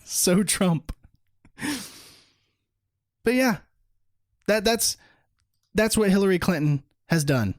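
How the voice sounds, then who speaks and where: A man's voice: high voice, expressive, very slow, long pauses, no room sound, studio quality. Indignant man hosting a podcast. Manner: indignant, mocking, laughs at his own points. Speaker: podcast host. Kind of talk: solo political commentary podcast.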